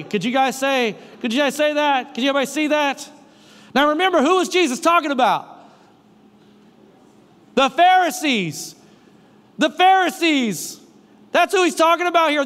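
A man with a very high speaking voice preaches a sermon, firing questions at the congregation and repeating his key lines. His words carry a long reverb from a large hall. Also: fairly bright tone. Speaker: pastor.

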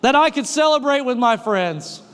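A man's voice: extremely high pitch, animated, fairly bright tone, clear, resonant tone. A pastor voicing a whiny, self-pitying older brother who drags out his complaints. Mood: whining. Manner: whining, drawn-out, complaining. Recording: long reverb of a hall.

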